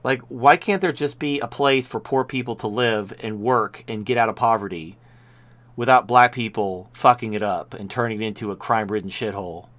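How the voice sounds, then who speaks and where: A man's voice: mid-range voice, normal speed, a bit bright. A man hosting a live-stream talk show, talking in blunt, rambling casual commentary with frequent restarts. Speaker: show host.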